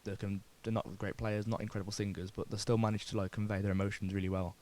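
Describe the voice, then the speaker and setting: Young man, musician guest, rapid speech, self-deprecating, laughs a lot. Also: fairly low pitch, flat delivery, a little mellow. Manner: laid-back, self-deprecating, laughs often. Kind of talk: casual interview chat.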